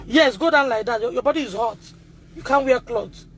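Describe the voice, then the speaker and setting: A Nigerian woman speaking on a phone livestream, distressed and loud, re-enacting conversations as a mother. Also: a little high, a little fast, faint music behind. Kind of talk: emotional livestream testimony.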